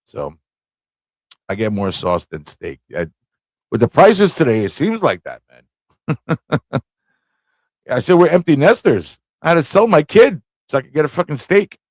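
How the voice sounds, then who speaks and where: A New York City man hosts a casual live online show, laughing his way through rambling stories with plenty of swearing. His fairly high voice swings widely in pitch, he takes his time with long pauses, and the recording is dry.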